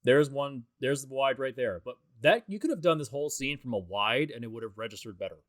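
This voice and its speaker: A man giving a relaxed commentary track over a film. He rambles in a conversational way, trails off and picks his thoughts back up. His voice sits at a middling pitch and is recorded close and dry. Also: brisk, no echo. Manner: rambling, conversational, with many fillers and restarts.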